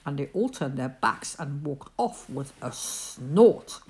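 A woman reading a rhyming bedtime story aloud in an animated storyteller's voice. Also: sits low, slow pace.

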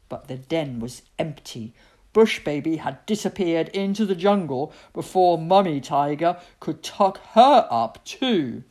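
A woman reading a children's picture book aloud, expressive and dramatic with pauses. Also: low-pitched. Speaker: storyteller.

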